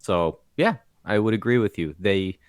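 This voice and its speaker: A man co-hosting a casual TV episode review, easygoing and quick to laugh, with lots of fillers. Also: lowish voice, animated, dry recording, clean studio sound. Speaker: co-host.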